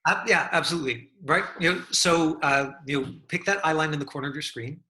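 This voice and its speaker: A man leads an acting class over a video call, his voice very bright and forward in tone. He talks loosely, stringing thoughts together with fillers and restarts as he coaches his students. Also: a little high, fairly quick. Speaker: acting teacher.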